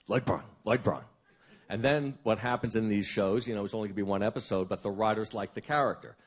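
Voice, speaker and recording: A man's voice: on the low side, a little mellow. A middle-aged man being interviewed at a conference, telling stop-start, self-deprecating anecdotes. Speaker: interview guest. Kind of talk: storytelling at a conference.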